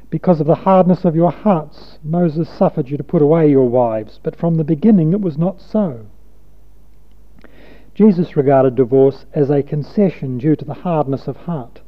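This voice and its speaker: Man preaching over a tinny line. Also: a little high. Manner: emphatic, rhythmic wordplay. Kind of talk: sermon reading scripture. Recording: tinny phone-like recording.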